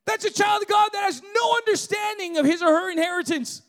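A male pastor preaching a sermon with passion, often shouting, and checking in with the congregation with quick "right?" tags. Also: extremely high pitch.

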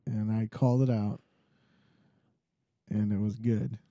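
A man's voice: fairly low pitch, level tone, takes it slowly, dark tone, no room sound. A man co-hosting a podcast, giggly and rambling in crude casual banter. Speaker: podcast co-host.

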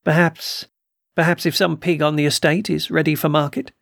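A man reading as a composed doctor of the occult in a storybook recording, speaking quietly and deliberately. His voice is slightly raised and gravelly. The recording is dry and close. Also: fairly high pitch, level tone, dry recording. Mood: calm. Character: calm deliberate male occult doctor, measured. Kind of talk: audiobook character reading.

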